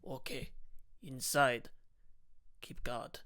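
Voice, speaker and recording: A man voicing a soft-spoken heavy man in a Death disguise, talking in a hush. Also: mid-range voice, unhurried, smooth, no room sound, studio quality. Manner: hushed, gently coaxing.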